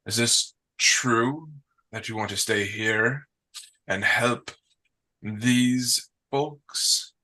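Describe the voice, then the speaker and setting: A man voicing a stern male master figure in a tabletop game who talks slowly and makes threats. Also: medium pitch, bright, forceful tone, exaggerated voice, low-quality recording. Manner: slow, measured and threatening.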